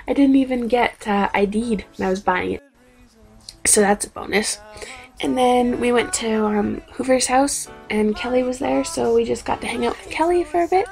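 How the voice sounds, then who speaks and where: A young woman in her twenties tells stories in a chatty video diary, her voice gravelly and pitched a little high. She acts out quotes with animated jumps in tone, and faint music plays behind her. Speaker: vlogger. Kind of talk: casual storytelling vlog.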